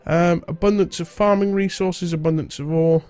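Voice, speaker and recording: A young man hosts a casual gaming let's-play, his voice thick and stuffy from a cold. He chats and rambles easily, sitting on the higher side of the usual male range. The sound is dry and close, with faint music playing underneath. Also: fairly even intonation, moderate pace, darkish tone, clean tone, dry recording. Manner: chatty, rambling, British-sounding slang. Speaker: gaming video host.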